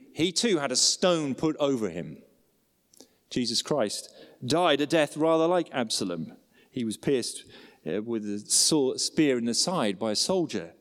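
A man preaching a sermon with expressive emphasis and rhetorical questions. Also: medium pitch. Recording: long hall reverb.

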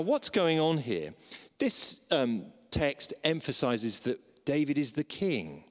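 A man preaching a sermon, animated and acting out the voices he quotes. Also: fairly high pitch. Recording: long reverb of a large hall.

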